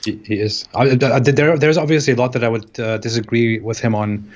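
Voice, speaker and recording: A man co-hosting a live stream who talks in a halting way, often repeating words as he looks for them. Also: mid-range voice, fairly even intonation, muffled recording, a little hiss or hum. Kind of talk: casual live-stream chat.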